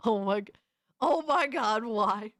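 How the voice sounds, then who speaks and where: A young adult woman streamer doing profane, excitable reaction commentary, often shrieking in disbelief. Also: on the high side, no echo, clean studio sound.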